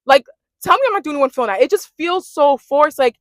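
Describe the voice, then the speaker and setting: A woman's voice: high voice, lively intonation, fast, no echo, studio quality. A young woman giving a casual, sassy rant recapping a reality dating show and mimicking the cast as she goes.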